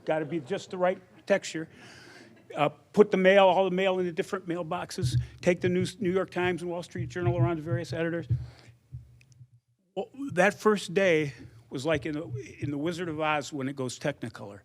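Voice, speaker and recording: A man's voice: on the high side, steady tone, normal speed. Older man, storytelling acceptance speech. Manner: conversational storyteller who acts out quoted dialogue. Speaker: hall of fame inductee.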